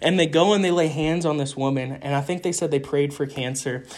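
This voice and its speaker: A man's voice: a little high, fairly quick. Earnest young man telling ministry stories. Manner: earnest, animated, frequent restarts. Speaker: street evangelist guest. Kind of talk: casual interview storytelling.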